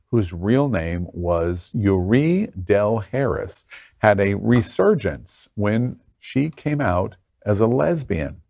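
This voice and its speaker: A man hosting a talk show, reading a news item in a measured, deliberate way. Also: lowish voice, gravelly, a little mellow, dry recording, studio quality. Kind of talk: scripted news read.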